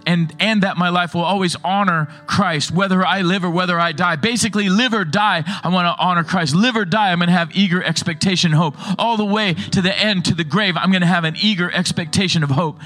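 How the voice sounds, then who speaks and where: A man pastor preaching a sermon, telling stories in an animated way. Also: high voice, brisk, few pauses, faint music behind.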